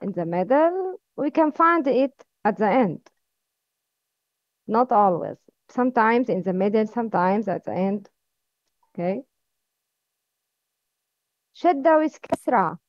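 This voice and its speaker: A woman with a high voice teaches reading, speaking very slowly and carefully, pausing for her listeners to repeat. The recording is close and dry, with a slightly muffled, lo-fi tone. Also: big pitch swings, dry recording. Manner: slow, careful drilling with repeat-after-me prompts. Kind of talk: slow recorded lesson. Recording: dull, lo-fi sound.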